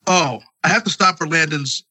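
A man's voice: fairly high pitch, normal speed, pushed and bright, no room sound. A man hosting a podcast, telling a long comic story full of profanity while congested. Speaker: podcast host. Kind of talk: casual podcast chat.

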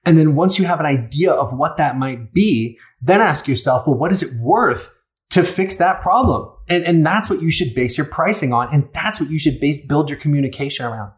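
Man, business coach, emphatic, rhetorical questions, fairly high voice. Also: lively intonation, moderate pace. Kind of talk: casual coaching talk.

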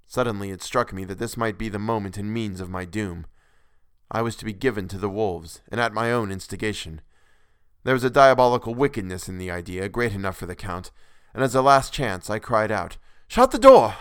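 A man's voice: on the low side, a bit bright, clean tone, no room sound. A man narrating a classic novel in the first person with earnest, dramatic delivery, recorded on a close microphone.

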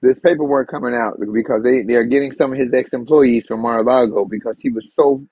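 Brief: blunt, wry man host, gravelly and husky, dry, dull lo-fi sound. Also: mid-range voice, steady tone, fast talker, no echo. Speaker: podcast host. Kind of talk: casual political chat.

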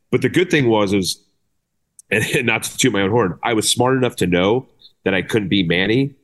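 A middle-aged man as a podcast guest, talking excitably and laughing at himself as he rambles. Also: fairly low pitch. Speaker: guest, former player. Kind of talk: casual interview talk.

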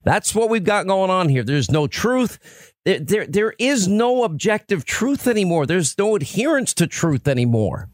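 A middle-aged man hosts political talk radio, pressing his points in emphatic, repeated lists. His voice sits fairly high for a man. It is recorded close on a dry studio microphone. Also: sing-song, normal speed, dry recording. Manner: emphatic, repetitive rhetorical lists. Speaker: radio talk show host.

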